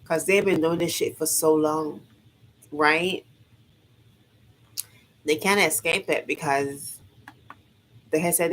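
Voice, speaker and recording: Over poor audio, a low-voiced woman vlogger delivers a casual motivational monologue. She preaches to her viewers emphatically and repetitively, swearing freely.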